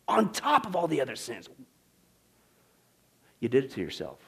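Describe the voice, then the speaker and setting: A male pastor preaching a sermon, swinging between loud, emphatic passages and hushed whispers. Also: mid-range voice, huge pitch swings, moderate pace, creaky, long pauses, husky. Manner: dramatic swings from shouting to whispering.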